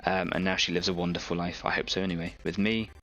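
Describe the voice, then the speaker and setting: A man's voice: low voice, level tone, fast, a bit bright. A man hosting an online painting stream, chatting casually and explaining each step while he works on a model. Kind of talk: casual chat while working.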